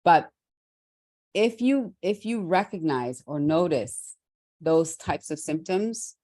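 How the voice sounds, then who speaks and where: A middle-aged woman from Trinidad hosting a motivational talk, speaking candidly and reflectively with restarts and soft laughs. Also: low voice, lively intonation, slow pace, no echo, clean studio sound. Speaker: host.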